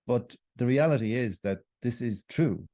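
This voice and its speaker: A man's voice: mid-range voice, moderate pace, warm tone, no room sound, clean studio sound. An older Irish man, a writer talking as a podcast guest, arguing in an impassioned, emphatic way. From Ireland. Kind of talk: conversational podcast interview.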